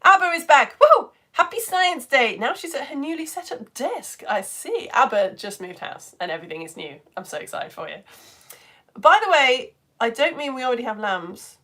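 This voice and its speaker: A woman, an online science teacher chatting casually and warmly reading out viewer comments during a live stream. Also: a little high, very animated, moderate pace. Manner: chatty and effusive, reads comments aloud.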